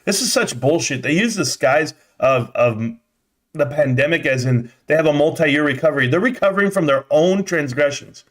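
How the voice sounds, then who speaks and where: A man's voice: on the high side, expressive, normal speed. A young man hosting a live stock stream, ranting in exasperation and swearing while reading the chat. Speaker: livestream host.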